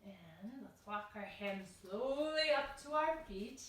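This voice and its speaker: A woman's voice: medium pitch, expressive, slow pace. Playful woman leading kids' yoga. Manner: gentle, playful, sing-song instructions with animal sounds. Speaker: children's yoga instructor. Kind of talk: guided kids' yoga class. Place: library room. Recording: echoey room from far off, faint noise.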